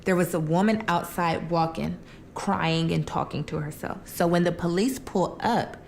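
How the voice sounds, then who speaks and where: A woman's voice: on the low side, moderate pace, gravelly, a little hiss or hum. A young woman casually telling a true crime story while eating, chatty and colloquial, acting out the quotes.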